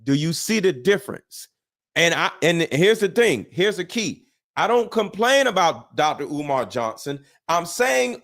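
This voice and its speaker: A man debating with heat, his pitch swinging widely as he presses his point. He repeats himself for emphasis, swears freely and talks over the other side with "hold on" and "listen". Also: very animated, normal speed, creaky, a bit bright. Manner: interrupts with 'listen' and 'hold on'. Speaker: guest debater. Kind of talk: heated debate.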